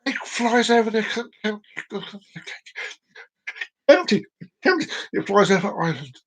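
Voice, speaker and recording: High-voiced man rambling on stream. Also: brisk, fairly bright tone, poor audio. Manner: rambling, repeats phrases, trips over words. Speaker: live stream host. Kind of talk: casual live stream chat.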